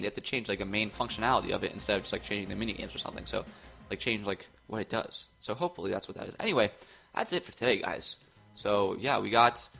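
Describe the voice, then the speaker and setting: A young man casually commenting on game news, rambling and excitable, often restarting his sentences into his own microphone. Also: lowish voice, creaky. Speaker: gaming YouTuber. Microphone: own desk microphone.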